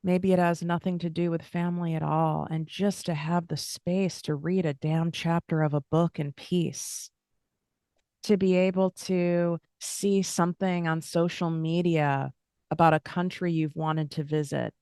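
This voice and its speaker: A woman's voice: on the low side, flat delivery, measured pace, dark tone, clear, resonant tone, no echo, clean studio sound. A woman hosting a motivational self-help talk, speaking in an earnest, repetitive, affirming cadence. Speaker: host and money coach.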